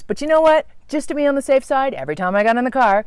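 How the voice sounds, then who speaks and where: A woman vlogger telling a comic story to camera in an animated, theatrical way. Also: on the high side, quick pace, hardly any pauses, smooth, no echo. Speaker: travel vlogger.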